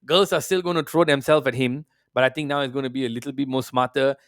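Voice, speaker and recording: A man's voice: medium pitch, steady tone, quick pace, dry recording, clean studio sound. A man hosting a football podcast, ranting brashly and profanely in casual opinionated chat, slipping into mocking voices.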